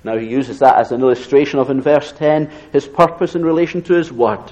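A man preaching an expository sermon, reading scripture aloud and slowing down to stress key phrases. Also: mid-range voice, a little mellow, low-quality recording. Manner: reads scripture aloud in raised tone.

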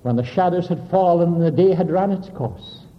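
A man preaching a sermon with dramatic delivery, sinking to a soft low voice for emphasis and explaining Greek words. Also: normal speed, a little hiss or hum. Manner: expounds Greek word meanings. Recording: dull lo-fi recording.

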